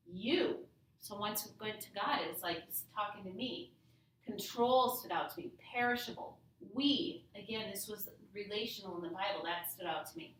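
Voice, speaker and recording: A woman's voice: mid-range voice, fairly bright tone, a little hiss or hum. A woman teaching a casual Bible study lesson, talking through a verse and leaning on single words to show emphasis. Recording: roomy, from a distance.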